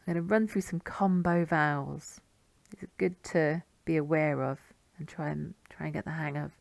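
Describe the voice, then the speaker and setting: A woman teaching pronunciation, saying each sound slowly and repeating it with care. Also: sits low, steady tone, creaky, no room sound. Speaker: language teacher. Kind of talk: pronunciation lesson.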